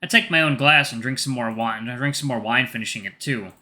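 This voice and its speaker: A man's voice: mid-range voice, a little fast, bright, forceful tone. A man narrating a visual novel in the first person, reading plainly with small slips and restarts.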